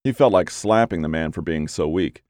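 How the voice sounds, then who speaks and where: Low-voiced man narrating gritty crime fiction. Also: normal speed, darkish tone, dry recording, studio quality. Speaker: audiobook narrator.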